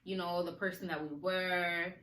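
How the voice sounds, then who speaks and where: A woman hosting a casual podcast, chatty and animated, laughing often and talking to listeners in slang, her speech a little slurred from a sore mouth. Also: fairly low pitch, normal speed. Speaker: podcast host. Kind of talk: casual chat. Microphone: recorded on video for a podcast. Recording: roomy echo, faint ambience.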